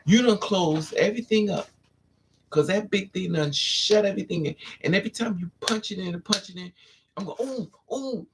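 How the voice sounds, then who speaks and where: A woman's voice: a little fast, a little hiss or hum. A woman hosting a candid livestream monologue, sassy and blunt, peppering her stories with "honey" and "child" and jumping into dramatic put-on voices. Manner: animated, swings into dramatic high-pitched put-on voices for others. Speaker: livestream host.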